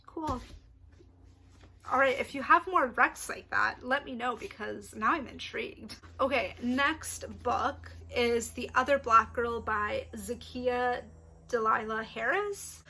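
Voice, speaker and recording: Young woman, book vlogger, casual chat, excitable, slightly high voice, bright. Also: slow, gravelly, husky. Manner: chatty, excitable, apologetic asides, laughs often.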